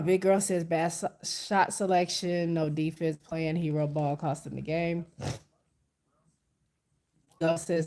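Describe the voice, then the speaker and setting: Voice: mid-range voice, slow, pauses often, darkish tone. A livestreamer who is stuffy from a cold, chatting casually to viewers and reading their comments aloud, with frequent restarts. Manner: talks straight to viewers, frequent restarts and self-corrections.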